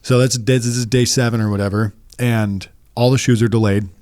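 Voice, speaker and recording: A man, a podcast guest, telling his story in a rambling, halting way with many restarts. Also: mid-range voice, steady tone, a little mellow, no room sound. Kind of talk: casual storytelling interview.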